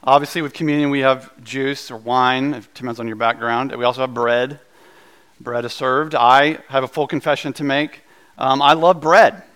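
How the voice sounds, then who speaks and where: A man preaching a sermon as pastor, mixing playful jokes with earnest teaching, with frequent asides and quick restarts. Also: clear, resonant tone. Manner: humorous, animated preaching with jokes about bread; quick asides and restarts, voice jumping higher when excited.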